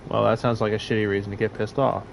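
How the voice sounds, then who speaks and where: Young man, gravelly voice, rambling crude storyteller, faint background hiss. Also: on the low side, little pitch movement, fast talker, low-quality recording. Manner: rambling, crude, loud laughing bursts. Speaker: storyteller in a casual talk. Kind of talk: casual storytelling chat.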